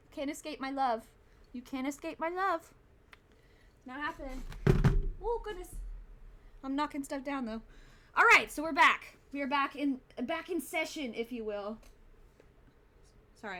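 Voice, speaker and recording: A young woman streaming a game in casual, excitable chat, swearing, mocking herself and talking to her cat. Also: a little high, a little hiss or hum. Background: faint background music.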